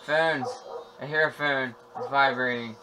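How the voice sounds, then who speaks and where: A young man casually commentating a video game with a friend, profane and joking, mock-shouting at the screen. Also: mid-range voice, fairly even intonation, a little slow, noisy background. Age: young adult. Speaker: gameplay commentator. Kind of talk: casual let's play chat. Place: friend's room.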